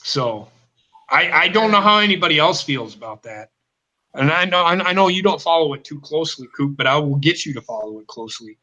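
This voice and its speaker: A man's voice: on the high side, lively intonation, a little fast, sharp tone, lo-fi sound. A man co-hosting a casual football talk show, ranting bluntly and swearing constantly. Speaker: co-host. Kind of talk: profane football rant.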